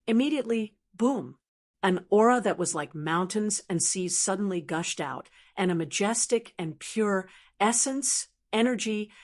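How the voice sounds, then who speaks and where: A woman narrating a fantasy web-novel audiobook in a steady, even reading. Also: mid-range voice.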